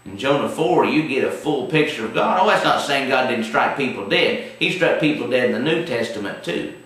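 A man's voice: medium pitch, animated, brisk, fairly bright tone. A man teaching a televised Bible study in a folksy, emphatic way. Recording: very echoey room, distant mic.

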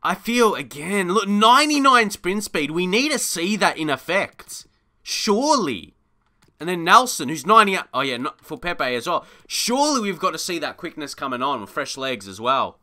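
A young man commentating his own football video game, excitable and quick to rant in frustration. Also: sits high. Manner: excitable, swings into frustrated shouting and rants. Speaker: gaming YouTuber. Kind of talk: live gameplay commentary.

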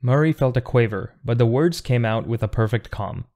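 Man, audiobook narrator, plain, steady, mid pitch. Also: moderate pace.

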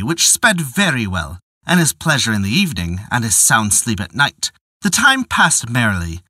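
A man narrating a folk tale in a measured, old-fashioned storytelling manner. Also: medium pitch, sharp tone, no echo, clean studio sound.

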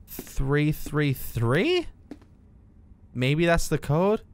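A young gaming video creator does jokey let's-play commentary, talking to himself and bursting into yelps and shouts at the game. His voice is on the high side and smooth, with huge pitch swings, and he speaks extremely slowly.

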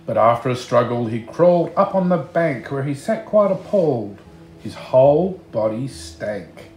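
A man reading a picture book aloud, slow and expressive, chatting to the listener between pages. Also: medium pitch, echoey room, faint music behind. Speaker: storybook reader.

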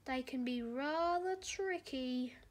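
A woman's voice: high-pitched, slow pace, slight background noise. A woman voicing a helpful female quarry diesel engine in a storybook read-aloud. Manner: reads with slips and restarts.

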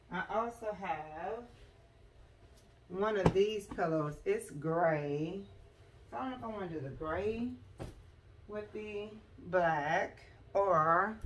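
A woman's voice: mid-range voice, a little hiss or hum. A woman, chatting casually to camera at home, calling her viewers y'all and girl. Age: 40s. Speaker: lifestyle vlogger. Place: at home, decorating a room.

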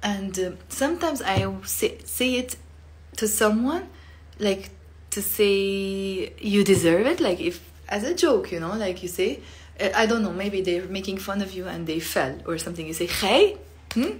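A woman's voice: mid-range voice, moderate pace. A woman, teaching a casual live lesson in a chatty way, laughing often and acting out sounds. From Lebanon. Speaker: Arabic teacher.

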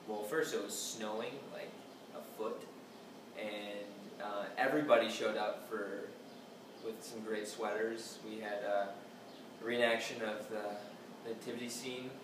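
A man's voice: fairly low pitch, fairly even intonation, slow, long pauses. Young man, rambling storytelling, distant noisy recording. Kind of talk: recalling a memory to camera. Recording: echoey room, distant mic, noisy.

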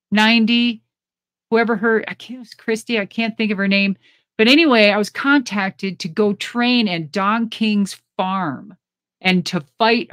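A middle-aged woman, a former pro wrestler, telling stories in a casual interview with blunt, profane, animated talk and frequent laughs. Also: mid-range voice, no room sound, studio quality.

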